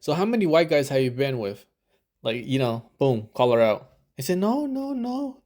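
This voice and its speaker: A man talking over a video as a dating coach, loose and rambling, with plenty of swearing. He keeps slipping into the lines he would say himself. His pitch sits in an ordinary middle range. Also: lively intonation, normal speed, darkish tone. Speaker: dating coach reviewing footage. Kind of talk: casual reaction commentary.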